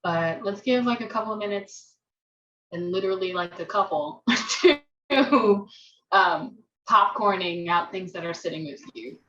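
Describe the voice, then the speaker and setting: A woman's voice: medium pitch, a little slow, fairly bright tone, reverberant. Woman facilitator, casual and inviting, dull distant video-call sound. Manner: friendly, inviting, casual phrasing. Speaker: forum facilitator. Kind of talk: leading a group checkout.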